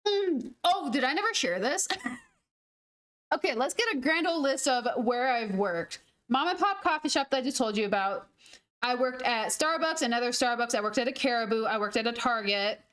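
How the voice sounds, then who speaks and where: Speaking at a normal pace, a young woman with a highish, fairly bright and expressive voice streams a game. She shares stories in a casual, chatty way, punctuated by laughter and the odd curse.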